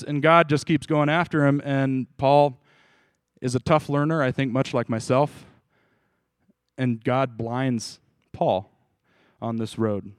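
Here a pastor speaks in a mid-range voice on a dry recording. Loose and conversational, he preaches an informal sermon, quizzing his group along the way and starting sentences over.

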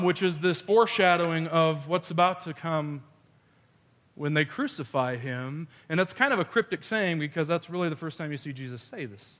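Guy preaching w a funny story, doing little voices, kinda high voice, big echoey church. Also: animated, normal speed, fairly bright tone. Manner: storytelling with playful quoted voices. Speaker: pastor. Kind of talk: sermon.

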